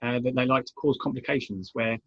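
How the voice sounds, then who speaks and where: Brief: husky British male co-host, loose rambling chat, muffled lo-fi recording. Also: mid-range voice, brisk. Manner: rambling, lots of fillers. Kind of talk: casual chat show. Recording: dull lo-fi sound.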